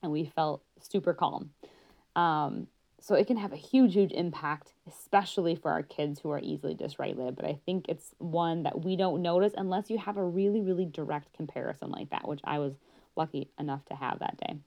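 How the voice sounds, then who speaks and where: A woman's voice: deep voice, a little fast, gravelly, muffled recording. A woman working as a pediatric therapist gives a conversational educational talk, showing her points by acting out tones of voice.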